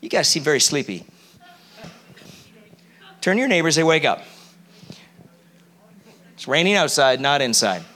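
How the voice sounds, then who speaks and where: Brief: animated male preacher, high bright voice, quizzes his congregation. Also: measured pace, long pauses. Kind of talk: sermon to a live congregation. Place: church.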